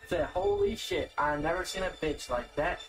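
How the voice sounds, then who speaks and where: Higher-voiced young man, laid-back rapping. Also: moderate pace, noisy background. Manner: laid-back, profane, rambling. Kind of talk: casual chat and freestyle rapping. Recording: music playing behind the voice.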